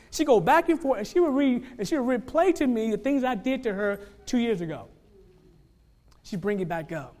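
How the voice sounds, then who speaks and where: A man preaching a sermon, swinging between soft, low asides and loud, rising exhortation, and acting out the people he quotes. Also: expressive, brisk. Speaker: pastor.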